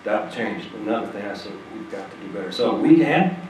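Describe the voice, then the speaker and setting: A man's voice: fairly low pitch, expressive, fairly quick. A man giving an earnest, plain-spoken personal talk to an audience from a stage, acting out the voices of people in his story. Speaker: nonprofit president giving a talk. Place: large hall stage before an audience. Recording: echoey hall, distant mic, faint hiss.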